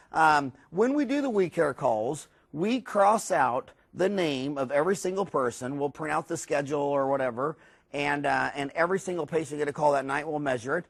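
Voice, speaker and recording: A man, a dentist, giving a recorded lecture in a rambling, animated storytelling way, with many fillers and restarts. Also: a little high. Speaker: dentist teaching a course.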